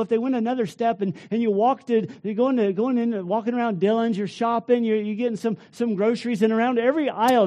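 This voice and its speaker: A man preaching a sermon as pastor, acting out everyday scenes and swinging from hushed to loud. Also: extremely high pitch. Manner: acts out little scenes in different voices, swings from hushed to loud.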